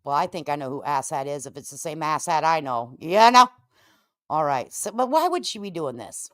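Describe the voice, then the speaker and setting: A woman hosting a casual live-stream commentary, sassy and animated, calling people honey and cupcake. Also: sits low, normal speed, dry recording, studio quality. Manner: sassy, animated, Southern-tinged endearments.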